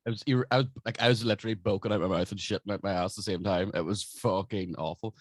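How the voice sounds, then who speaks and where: A man's voice: fairly low pitch, racing, no room sound, clean studio sound. A man, a podcast guest in casual chat, blunt and crude as he tells a story.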